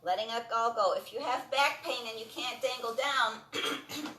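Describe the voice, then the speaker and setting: A woman leading a breathing and stretching class, giving calm, encouraging cues and repeating them often. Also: a little high, unhurried, distant mic, a little hiss or hum. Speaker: breathing and movement instructor. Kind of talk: guided exercise instruction. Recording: roomy sound from off the mic.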